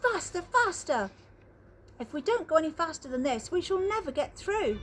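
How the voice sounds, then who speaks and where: A woman's voice: high-pitched, animated, unhurried, a little hiss or hum. Woman voicing a cheerful eccentric chocolate maker. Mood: gleeful. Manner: cheerful, bold, exclaiming.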